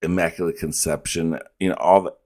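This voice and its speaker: A man's voice: deep voice, little pitch movement, brisk, darkish tone. A man hosting a reaction video, chatting casually and rambling with frequent laughs and restarts.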